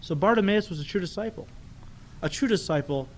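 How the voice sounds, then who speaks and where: A pastor preaching a sermon in a conversational way, asking rhetorical questions and acting out the people in the story. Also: male voice, high-pitched, animated, fairly quick.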